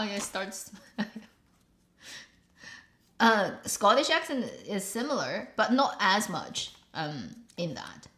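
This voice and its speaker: A woman's voice: mid-range voice, big pitch swings, slow, long pauses, a bit bright. A woman hosting her own show, chatting casually in a rambling way and laughing often. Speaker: host. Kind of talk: casual chat. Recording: roomy echo.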